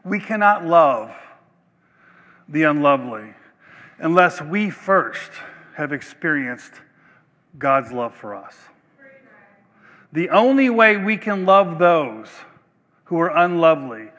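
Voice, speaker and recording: Pastor, male, slightly high voice, deliberate emphatic delivery, church hall reverb. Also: big pitch swings, fairly bright tone, muffled recording. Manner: slow, emphatic preaching with long pauses. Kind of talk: sermon. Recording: long reverb of a large hall.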